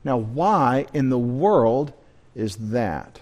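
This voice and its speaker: A man's voice: mid-range voice, expressive, drawn-out words, darkish tone. A man preaching a midweek sermon as pastor, talking conversationally, asking the congregation questions and adding joking asides.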